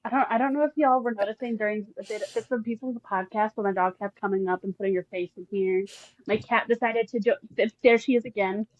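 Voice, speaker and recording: A woman's voice: medium pitch, fairly even intonation, fast, dry recording, highs cut off. A woman at home with her pets, chatting casually and gushing as a podcast guest. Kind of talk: casual chat.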